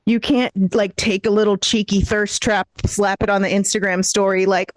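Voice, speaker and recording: A woman's voice: mid-range voice, steady tone, unhurried, no room sound, low-quality recording. A woman doing a self-deprecating stand-up set over a video call, holding a handheld mic. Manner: self-deprecating, punchy storytelling. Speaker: stand-up comedian. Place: home in a warm city, daytime. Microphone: handheld microphone.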